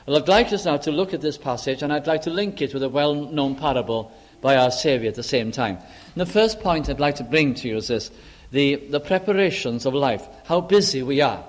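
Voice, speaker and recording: Earnest preacher man with a higher voice. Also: expressive, fairly quick. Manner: earnest, repeats words for emphasis, frequent "uh" fillers. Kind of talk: sermon.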